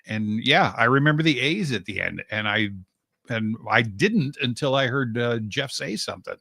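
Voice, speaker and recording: A man co-hosting a talk radio show, chatting casually and acting out his own reactions. His bright voice swings widely in pitch, and it is recorded dry and close. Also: moderate pace, creaky, dry recording. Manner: animated, acts out his own reactions with big pitch jumps.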